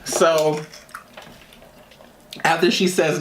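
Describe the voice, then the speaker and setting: A man's voice: on the high side, normal speed, pauses often, noisy background. A man vlogger telling a childhood story as he eats, rambling and restarting, laughing at his own tale. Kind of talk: storytime while eating.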